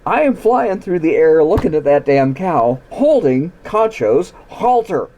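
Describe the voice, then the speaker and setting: A man doing a calm, reflective ranch woman. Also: fairly high pitch, measured pace. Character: calm, wry ranch woman recalling a fall.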